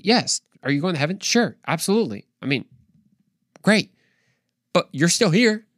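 A man's voice: a little high, no room sound, clean studio sound. Slangy young man preaching casually. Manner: animated, slangy, conversational preaching. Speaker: podcast host. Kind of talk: casual devotional talk.

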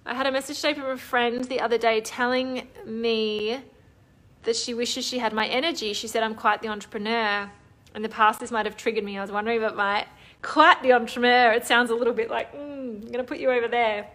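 A woman's voice: on the high side, little pitch movement, brisk, fairly bright tone. A woman hosting a live online coaching session, talking enthusiastically and reading out viewer comments. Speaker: online course host. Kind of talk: live-stream coaching talk.

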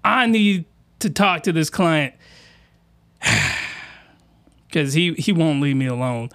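A man's voice: fairly high pitch, slow, vocal fry, a bit bright. A man hosting a crude comedic reaction commentary, talking in rowdy, slangy, exaggerated outbursts. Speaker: commentary host.

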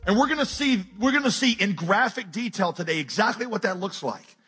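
A man preaching a sermon as pastor, animated and joking as he retells a scripture story. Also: high voice, fairly quick, breathy edge, faint music behind. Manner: animated, jokey retelling with acted-out quotes.

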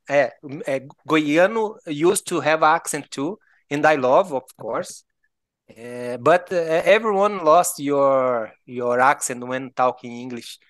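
A man's voice: medium pitch, fairly bright tone, no room sound. A man from Brazil with a Brazilian Portuguese accent, a native Portuguese speaker chatting in English. He hesitates, restarts often and laughs between phrases. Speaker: participant. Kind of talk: casual chat, English conversation practice.

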